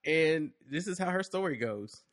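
A man's voice: on the high side, expressive, moderate pace, fairly bright tone, no room sound, clean studio sound. A man hosting a casual podcast, laughing often and talking in loose slang while he reads a story aloud. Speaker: podcast host.

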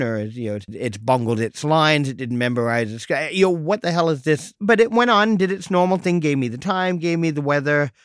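A middle-aged man hosts his podcast alone, telling stories with wry, deadpan humor and mock exasperation. His voice sits a bit high for a man. The recording is dry and close, with no room sound. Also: normal speed, few pauses, smooth, no room sound. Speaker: podcast host. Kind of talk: solo podcast monologue.

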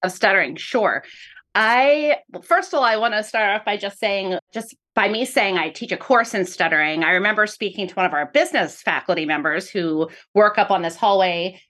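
A woman's voice: mid-range voice, normal speed, a bit bright. A woman professor of speech-language pathology giving earnest, explanatory interview answers. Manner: earnest, explanatory, repeats "really" often.

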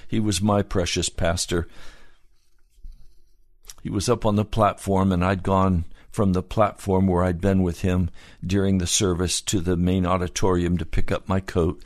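A man preaching a sermon, moving from calm storytelling to impassioned, pleading calls. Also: low-pitched, normal speed, dry recording, studio quality. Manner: impassioned, rising to fervent pleading.

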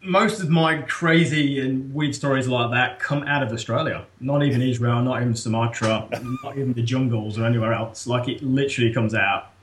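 A man with a British accent, a guest telling a story in casual conversation, animated and often laughing. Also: medium pitch, moderate pace, hardly any pauses, echoey room, slight background noise.

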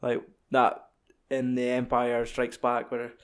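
A man's voice: mid-range voice, completely flat delivery, slow pace, smooth. A man with a Scottish accent chatting casually and jokily about films, swearing freely and acting out lines. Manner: sweary, jokey, acts out film lines in other voices.

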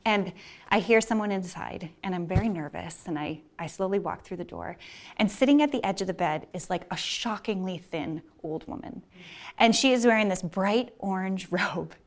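A woman's voice: medium pitch, moderate pace. Woman telling a casual personal story. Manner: casual, many fillers, laughs while telling.

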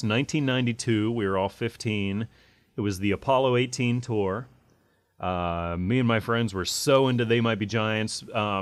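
A man's voice: on the low side, no room sound. A man in his forties hosting a podcast, asking questions in a loose, easygoing way. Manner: loose, lots of fillers, asks questions. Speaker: podcast host. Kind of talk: casual chat.

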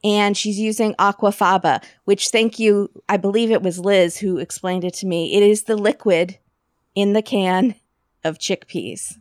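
A woman's voice: mid-range voice, fairly even intonation, a little slow, no room sound, studio quality. A woman co-hosting a podcast, casually recapping a TV episode with jokes and laughter. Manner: chatty, jokey, laughs often. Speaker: podcast co-host.

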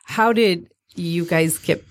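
Woman podcast host, encouraging interviewer, slightly low pitch, dry close mic. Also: slow, no echo. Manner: encouraging, asks short follow-up questions. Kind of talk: interviewing in casual chat.

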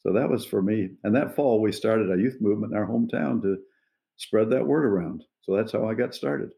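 Gravelly, dark-voiced man in his eighties. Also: fairly low pitch. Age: 80s. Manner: earnest, unhurried, pausing to find words. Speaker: evangelist guest. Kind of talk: reflective personal storytelling.

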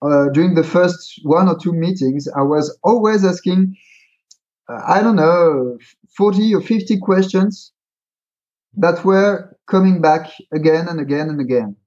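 Man, slightly higher voice, hesitant with fillers, dull lo-fi recording. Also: measured pace, a little mellow. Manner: hesitant, many fillers and restarts, explains with examples. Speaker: guest, creator of a pitching card game. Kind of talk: casual interview talk. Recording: dull, lo-fi sound.

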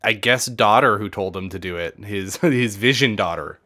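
A man's voice: lowish voice, bright, forceful tone. A man co-hosting a podcast, cracking jokes about a film. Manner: jokey, quick quips. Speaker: podcast co-host. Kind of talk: casual movie-review chat.

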